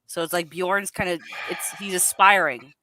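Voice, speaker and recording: A woman's voice: fairly low pitch, steady tone, normal speed, bright, forceful tone. A woman in a casual movie commentary chat, earnestly analyzing the characters.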